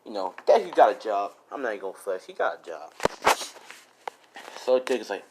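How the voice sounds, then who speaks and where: A man casually improvising a fan story out loud, rambling with many fillers and restarts. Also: fairly low pitch, sing-song, fairly quick, very noisy.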